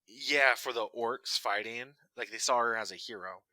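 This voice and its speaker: A man co-hosting a casual chat, opinionated and quick to chime in. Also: mid-range voice, sharp tone, no echo. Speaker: podcast co-host.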